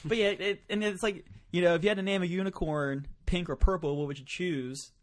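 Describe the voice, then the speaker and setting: A man's voice: high voice, brisk. A man hosting a podcast, telling stories in casual chat, swearing often and laughing as he goes. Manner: profane, laughing, animated storytelling. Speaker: podcast host.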